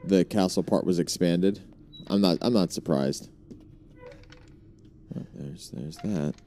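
A man's voice: deep voice, slow, dark tone, slight background noise. A young man streaming a horror game, talking to his chat, swearing and jumpy. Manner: swearing, jumpy, chatty with viewers. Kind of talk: live horror game commentary.

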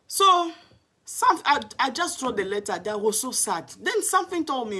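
A woman's voice: sits high, very animated, moderate pace, bright, forceful tone, husky. A woman evangelist telling her personal testimony, earnest and emotional, often restarting her sentences. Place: home in London.

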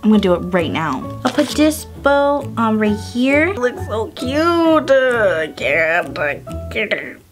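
A woman's voice: mid-range voice, big pitch swings, takes it slowly, faint music behind. A young woman hosting her own vlog, gushing and gasping through a casual unboxing chat, full of fillers. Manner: bubbly and gushing, gasping often, filler-heavy with "like". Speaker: vlogger host.

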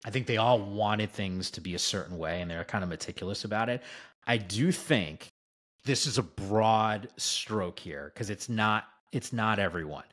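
A man's voice: on the low side, normal speed, fairly bright tone. A man, a sports broadcaster, tells stories as a podcast guest in an enthusiastic, rambling way, full of "like" and "right?". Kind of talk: casual podcast storytelling.

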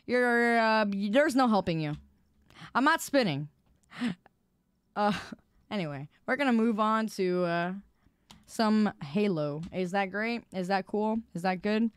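A woman streamer chatting casually with her viewers, loud and expressive, quick to protest and tease. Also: medium pitch, clean tone, no echo, studio quality.

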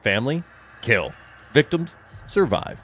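A man giving casual, jokey commentary while playing a horror game, getting excited and shouting at teammates. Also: medium pitch, a little slow, slight background noise. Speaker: gamer.

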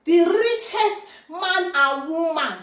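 A Nigerian woman with a Pidgin English accent talks in an animated, boastful vlog style, often dropping into bits of song. Her voice sits high, and she is some way off the mic in an echoey room. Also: takes it slowly, far from the mic. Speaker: content creator. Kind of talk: casual vlog monologue.

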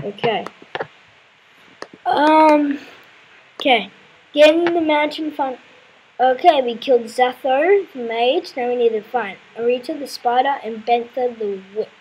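A woman's voice: sits high, darkish tone, slight background noise, low-quality recording. A woman playing a video game, commenting casually and exclaiming in frustration with repeated words. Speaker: let's play gamer.

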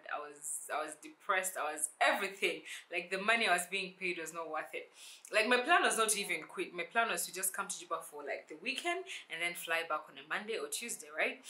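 Woman, young adult, storytime vlog, bright tone, animated. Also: lowish voice. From South Sudan. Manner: animated, acts out dialogue in shifting voices. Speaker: YouTuber.

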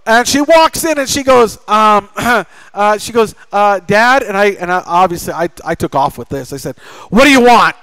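In a church sanctuary, a middle-aged pastor with a high-pitched, lively, slightly bright and clean voice preaches at a moderate pace. He tells a family story with acted-out dialogue, joking and chatting with the congregation. The recording is rough but has no echo.

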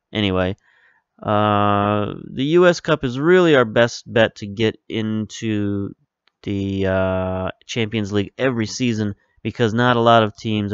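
A lower-pitched man with a smooth, clear voice talks his way through a management game in a loose, rambling way, often stopping to correct himself mid-sentence. He is close to the mic in a dry room, and the sound is a little dull. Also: dry recording. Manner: rambling, self-correcting, relaxed. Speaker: video game let's-play host. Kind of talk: casual commentary over gameplay.

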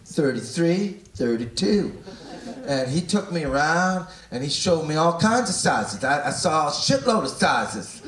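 A Canadian man in his forties works a comedy stage with a bright, high voice that leaps around. He rambles profanely, drops to mutters and then bursts into shouts. The sound is roomy and a little distant, with a loud crowd laughing behind him. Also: lively intonation, normal speed, hardly any pauses. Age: 40s. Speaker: stand-up comedian. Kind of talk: stand-up comedy set. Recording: roomy live venue, mic off-axis, loud crowd laughter. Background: audience laughing.

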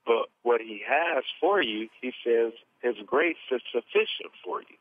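A man's voice: mid-range voice, unhurried, slight background noise. Man telling his story over a tinny phone. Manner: earnest, storytelling, animated retelling. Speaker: interview guest. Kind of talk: testimony in a phone interview.

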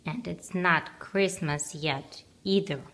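Storybook part: a woman playing a huffy, grumbling big bear, low and slow, grumpy with a soft heart. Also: full character voice. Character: grumpy but loving big male bear.

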